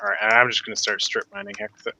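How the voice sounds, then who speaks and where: Bright-voiced man rambling while gaming. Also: on the low side, flat delivery, fast, a little hiss or hum. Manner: rambling, lots of fillers and restarts, laughs. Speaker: co-player. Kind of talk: casual chat while playing a game.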